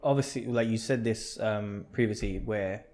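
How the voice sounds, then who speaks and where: Relaxed podcast host. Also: male voice, fairly low pitch, moderate pace, slight background noise. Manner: relaxed, hesitant, uses fillers. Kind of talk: casual interview questions.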